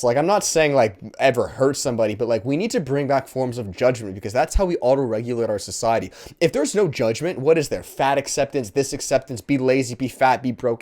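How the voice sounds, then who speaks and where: Fast-talking blunt man hosting. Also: medium pitch, a little mellow. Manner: blunt, emphatic, many fillers and restarts. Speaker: host. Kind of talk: casual preachy Q&A talk.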